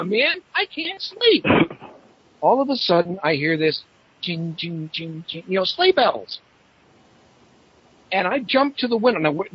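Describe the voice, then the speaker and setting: A man with a lively, swooping voice, spinning animated yarns on an internet radio show. His voice is a little husky and sits on the high side. The audio is dull and lo-fi. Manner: animated storyteller, acts out voices in his stories.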